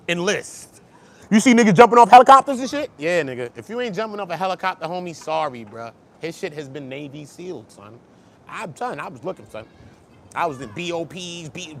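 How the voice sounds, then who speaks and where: Animated slangy man, lively bright voice. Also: a little hiss or hum. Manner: slangy, excitable, jumps between low mutters and loud bursts. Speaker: YouTube commentary host. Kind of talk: animated street-gossip commentary.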